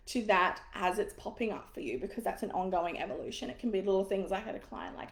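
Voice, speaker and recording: A woman coaches business owners through a live online masterclass. She talks in a casual, frank and encouraging way and swears now and then. Her voice sits at a middling pitch and carries a roomy echo. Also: quick pace, hardly any pauses.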